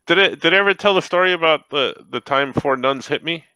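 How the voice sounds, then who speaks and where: A man chatting casually on a podcast, an animated storyteller who acts out the people he quotes. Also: a little high, fairly quick, clean tone, rough recording. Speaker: podcast co-host. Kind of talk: casual chat.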